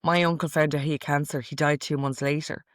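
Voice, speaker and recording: A woman's voice: sits low, little pitch movement, fast talker, no echo, clean studio sound. A middle-aged woman hosting a casual podcast, reading out quotes from a list in a chatty, amused way. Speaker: podcast host.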